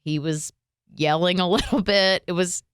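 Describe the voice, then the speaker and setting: Low-voiced woman telling a personal story. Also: moderate pace, clear, resonant tone, no room sound, studio quality. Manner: emotional, animated retelling with frequent fillers. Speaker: radio and podcast co-host. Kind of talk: casual conversational storytelling.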